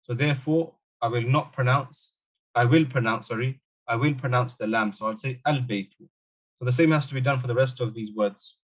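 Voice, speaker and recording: Male language teacher, patient and methodical, mid pitch, slows down to model pronunciation. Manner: patient, repeats example words slowly. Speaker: Arabic teacher. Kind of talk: online language lesson.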